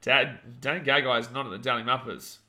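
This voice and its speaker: A young Australian man hosting a live watch-along of a rugby league match, calling the play, reading chat and ranting, shouting at big moments. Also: mid-range voice, fast talker. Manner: excitable, rants, shouts at big plays.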